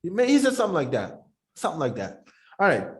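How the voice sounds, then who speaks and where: Guy with a high voice rambling on a podcast, animated, chatty. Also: fast talker. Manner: rambling, animated, talks while eating. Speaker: podcast co-host. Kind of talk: casual chat.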